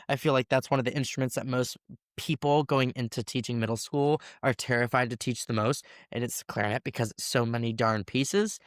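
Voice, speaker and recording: Young male teacher, twenties, conversational storyteller who acts out quotes; mid pitch, dry close sound. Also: dry recording. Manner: animated, quotes people in voices. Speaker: first-year band teacher, guest. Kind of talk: casual interview storytelling.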